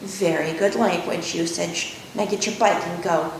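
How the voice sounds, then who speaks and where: A dry, gently joking father of middle age, read by a woman at a book launch. He teases kindly and speaks plainly. A faint rumble sits under the echoey room sound. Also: fairly even intonation, measured pace, far from the mic. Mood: dry teasing. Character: gruff loving middle-aged father, gently teasing. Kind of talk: author reading a novel aloud.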